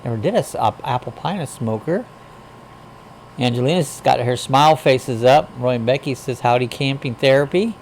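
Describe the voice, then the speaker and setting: A man's voice: mid-range voice, normal speed, slight background noise. A man hosting a casual livestream chat, reading viewer comments aloud and greeting people in a folksy, rambling way. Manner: rambling, frequent uh fillers. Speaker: livestream host.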